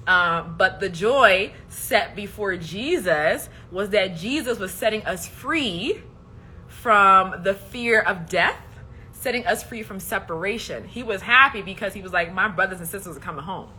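A woman's voice: medium pitch, expressive, a little slow, pushed and bright, a little hiss or hum. A woman hosting a casual faith livestream, speaking in an emphatic, preachy way and often checking in with "okay?". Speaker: host.

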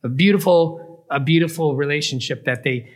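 Man, preacher, bible teaching, asks listeners questions, fairly high voice. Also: normal speed. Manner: retells scripture with questions to listeners.

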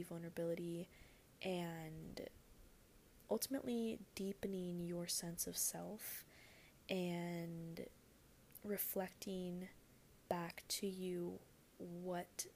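A young woman hosting a solo podcast, talking candidly and rambling as she hunts for words, often sinking into a soft whisper and swearing casually. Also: lowish voice, slight background noise. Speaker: podcast host. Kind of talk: reflective solo podcast monologue.

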